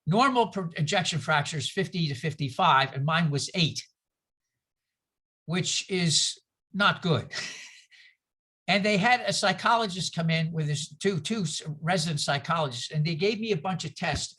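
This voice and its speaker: A man's voice: a little high, expressive, normal speed, pushed and bright. A man leading a group discussion over a video call, telling a personal story earnestly and rambling with many restarts.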